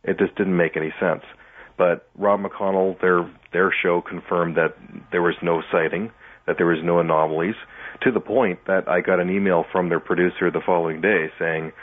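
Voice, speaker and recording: A low-voiced man with a husky, rough edge talks in an animated way, acting out what he said back then. He comes through a tinny phone line. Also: normal speed. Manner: animated, acts out his own past reactions. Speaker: guest musician. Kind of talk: casual interview storytelling.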